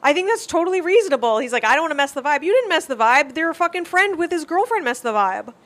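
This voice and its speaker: Woman, somewhat high voice, podcast co-host, blunt, profane, mock-scolding. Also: sing-song, fast, fairly bright tone. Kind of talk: casual comedic podcast banter.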